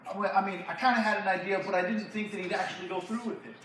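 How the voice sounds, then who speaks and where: A man playing a loyal young prince, earnest and pleading, his voice pitched high. The sound booms around a large echoey hall, heard from a distance. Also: steady tone, quick pace, fairly bright tone. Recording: echoey hall from far off, faint noise.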